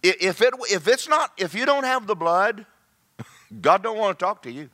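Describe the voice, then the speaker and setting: A male pastor, preaching a sermon in an animated way that swings from loud to hushed. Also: high voice, normal speed.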